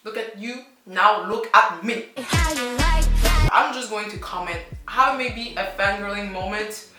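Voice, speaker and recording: Chatty French-native woman, bright voice, roomy echo. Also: medium pitch, unhurried, far from the mic, soft background music. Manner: chatty, animated, repeats herself, fangirling. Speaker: language teacher reacting to a clip. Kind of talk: excited casual reaction vlog. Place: outdoors in sunlight.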